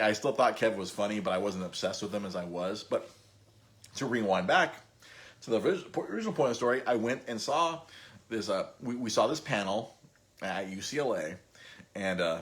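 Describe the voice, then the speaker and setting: A podcast host in his thirties tells stories in a casual chat, rambling, laughing and restarting often. His voice is fairly low in pitch with a fairly bright tone, at a moderate pace.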